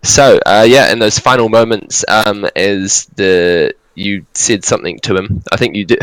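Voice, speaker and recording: A man narrating a tabletop fantasy game as dungeon master, relaxed and rambling with fillers. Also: fairly low pitch, a little slow, hardly any pauses, clean tone, dry recording, poor audio.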